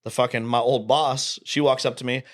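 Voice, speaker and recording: A man's voice: medium pitch, fairly even intonation, moderate pace. A man in his thirties, a podcast guest telling stories in casual, profane chat and laughing often.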